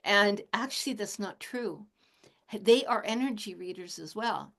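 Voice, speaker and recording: Woman in her sixties, gentle, chuckling, casual spoken teaching, mid-pitched voice. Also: a little slow. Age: 60s. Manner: gentle, chuckles often while talking. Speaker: shamanic teacher and animal communicator.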